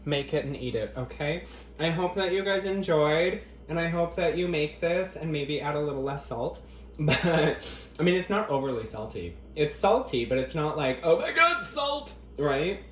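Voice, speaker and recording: Here the cooking vlogger sounds a little higher, again with slight hiss or hum. Tasting his food in an echoey home kitchen, he lets out appreciative murmurs between crude, profane jokes aimed straight at the camera in a casual vlog.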